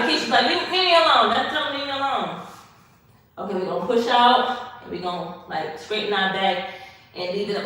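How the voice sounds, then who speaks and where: A woman's voice: fairly high pitch, pushed and bright, far from the mic. A woman hosting a casual stretching livestream, chatty and sassy, talking straight to her viewers and a little winded from the effort. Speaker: livestream host doing a stretching session. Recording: very echoey room, voice off-mic.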